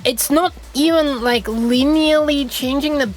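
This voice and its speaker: A woman's voice: high-pitched, unhurried, soft background music. A young woman streaming a game, chatting casually in a rambling, giggly way with lots of restarts. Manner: rambling, giggly, self-interrupting. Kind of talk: casual live-stream chat while gaming.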